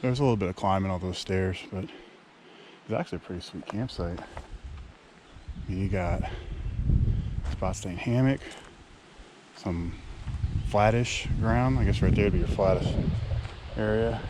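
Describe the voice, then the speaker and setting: Man, thirties, relaxed hiking vlog chatter, lowish voice, outdoor camera sound with wind. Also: measured pace, pauses often. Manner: relaxed, chatty, many fillers. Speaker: hiking vlogger. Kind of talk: casual vlog narration. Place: outdoors on a wooded trail. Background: wind, outdoor nature sounds.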